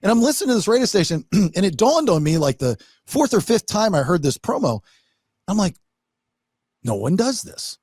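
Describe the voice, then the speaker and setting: A man with a gravelly, husky voice hosts a podcast in a dry, close-miked sound. His pitch leaps and dips a lot as he tells stories and acts out what others said, with the odd curse. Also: normal speed, no echo. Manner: animated storytelling, swearing, acts out quotes. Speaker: podcast host. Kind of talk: casual podcast chat.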